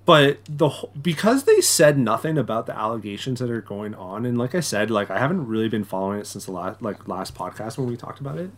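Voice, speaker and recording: A man's voice: mid-range voice, expressive, a little fast, few pauses. A young man co-hosting a podcast in casual chat, rambling with lots of fillers. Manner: rambling, filler-heavy, restarts often. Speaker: podcast co-host.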